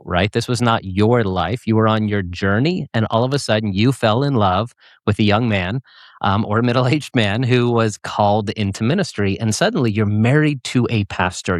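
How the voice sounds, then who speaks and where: A middle-aged man, a pastor, co-hosting a podcast in relaxed, joking casual chat. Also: fairly low pitch, moderate pace, no room sound, studio quality. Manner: joking, relaxed, a bit teasing.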